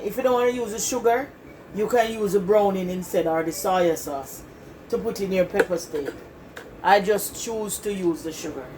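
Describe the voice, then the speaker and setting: A woman's voice: mid-range voice, background noise. A woman hosting a casual home cooking demonstration in a kitchen, chatting straight to her viewers and repeating herself as she goes. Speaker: cooking channel host.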